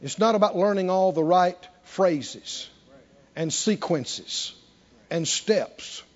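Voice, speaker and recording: A man preaching a sermon with animated emphasis, often asking the congregation questions. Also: sits high, takes it slowly. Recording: dull lo-fi recording.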